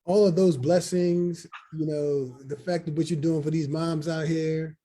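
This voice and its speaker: A man's voice: fairly high pitch, steady tone, a little slow, dark tone. A man interviewing a guest, affirming her with short replies and reflective remarks. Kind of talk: conversational interview.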